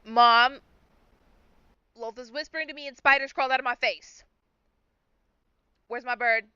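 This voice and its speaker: A woman's voice: on the high side, steady tone, unhurried, pushed and bright, clear, resonant tone, no room sound, highs cut off. A woman doing a panicked, foul-mouthed adventurer. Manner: cursing, frantic.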